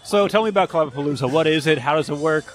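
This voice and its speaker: A man's voice: a little high, racing, faint music behind. A man hosting a casual podcast interview, upbeat and chatty. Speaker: podcast host.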